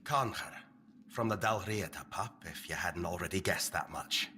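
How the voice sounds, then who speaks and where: A man playing a gruff Scottish warrior prisoner. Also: sits low, normal speed, background noise, close to an everyday voice. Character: brash gruff male warrior prisoner, battle-hardened. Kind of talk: video game voice acting.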